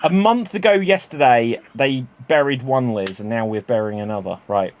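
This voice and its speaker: A man's voice: medium pitch, normal speed, slight background noise. A man hosting a live-streamed improv comedy show, explaining game rules and chatting with the audience, often laughing at his own slips.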